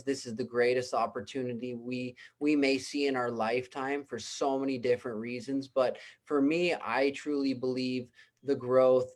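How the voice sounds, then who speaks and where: A man giving an earnest, emphatic motivational pep talk as a guest speaker on a business call. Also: medium pitch. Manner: earnest, emphatic, repetitive exhortations. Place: home in Costa Rica.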